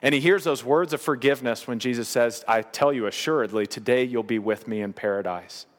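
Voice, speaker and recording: A man preaching a sermon as pastor, earnest, slowing down on the key phrases. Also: medium pitch, in a large hall.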